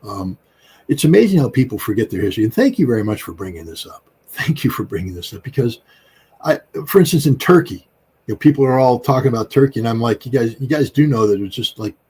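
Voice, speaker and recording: A man's voice: medium pitch, lively intonation, fast, a little mellow, breathy edge. A middle-aged man from the United States, a guest commentator talking in a rambling, emphatic way, with many fillers and restarts. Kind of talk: conversational political commentary.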